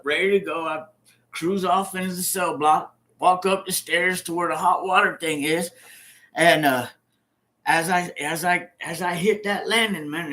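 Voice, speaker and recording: A man's voice: a little high, fairly bright tone. A man in his fifties, a former prisoner telling his own story casually, swearing and acting out the scenes with sound effects. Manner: profane, repetitive, acts out the scenes with sound effects.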